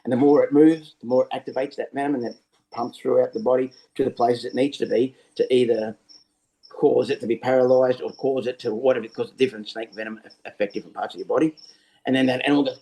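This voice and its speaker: An Australian man, a snake catcher, explaining things over a video call in a lively storytelling way. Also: mid-range voice, quick pace, poor audio. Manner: lively storyteller who acts out scenes. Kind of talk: casual explanatory interview talk.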